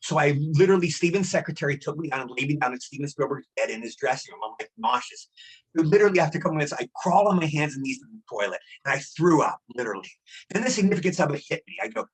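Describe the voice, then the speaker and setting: A man in his sixties, a guest actor telling rambling, animated anecdotes in a casual interview. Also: a little high, rapid-fire, breathy edge, poor audio. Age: 60s.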